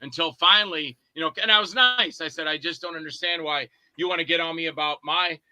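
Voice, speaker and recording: A man's voice: on the high side, brisk, no room sound, poor audio. A man, a guest filmmaker, telling stories in a casual interview and acting out the people he quotes. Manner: animated, acts out quoted lines with swearing.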